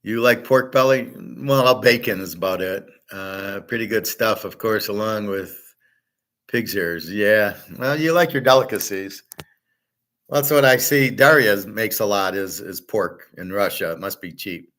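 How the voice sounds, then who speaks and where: A middle-aged man with a fairly low voice chats casually as a show host. He rambles from point to point, blunt and unfiltered, with an odd curse thrown in. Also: a little slow, a bit bright.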